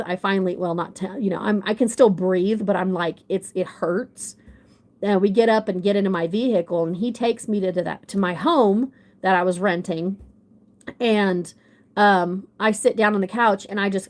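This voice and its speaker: A young adult woman telling a rambling, self-deprecating story in casual chat on a livestream, with a runny nose. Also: mid-range voice. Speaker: livestream guest.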